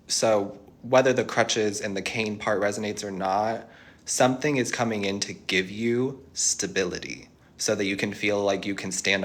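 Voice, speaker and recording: Man giving a musing tarot reading. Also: fairly low pitch. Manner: reassuring, musing, thinks aloud. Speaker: tarot reader. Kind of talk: channeled tarot reading to viewers.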